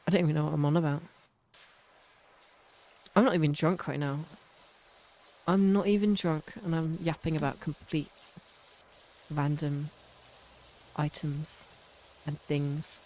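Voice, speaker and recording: A woman's voice: deep voice, fairly even intonation, a little slow, pauses often, dark tone, slight background noise, rough recording. A woman chatting casually on a game live stream, rambling and self-mocking.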